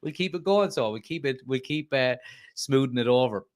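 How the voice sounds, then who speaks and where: Irish male fan-channel host, mid-pitched, chatty with restarts, punchy outbursts. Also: animated, moderate pace. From Ireland. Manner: conversational, frequent restarts and fillers, emphatic outbursts. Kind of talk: live-stream fan chat reading comments.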